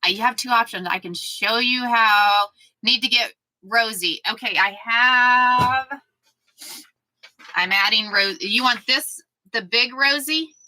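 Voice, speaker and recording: A chatty woman hosts a sewing livestream, with a bright, forward tone. She talks casually, greets viewers by name and fusses over her dog. The sound is dry and close, with little room echo. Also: a little high, slow pace.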